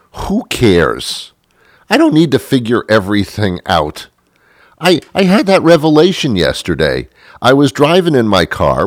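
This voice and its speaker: A man's voice: lowish voice, no room sound, clean studio sound. A middle-aged man hosting a show, delivering a wry, rambling comic monologue with mock-biblical asides. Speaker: show host.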